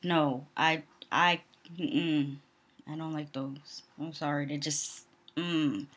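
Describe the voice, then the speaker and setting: Her voice is deep and steady, fairly bright in tone, and she takes her time. A young adult vlogger from the Northeastern US, she gives casual, blunt, opinionated commentary on a reality TV show, laughing often and peppering it with "um"s.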